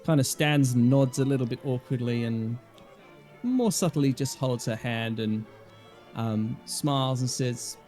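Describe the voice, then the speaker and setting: A man playing a tabletop game, describing his character's actions haltingly. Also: medium pitch, darkish tone, soft background music. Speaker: player. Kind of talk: casual role-play narration.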